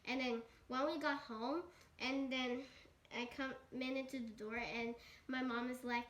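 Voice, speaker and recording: A child storyteller making up a rambling story with lots of restarts and "and then.". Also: female voice, high-pitched, steady tone, normal speed, fairly bright tone. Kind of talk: improvised kid's story.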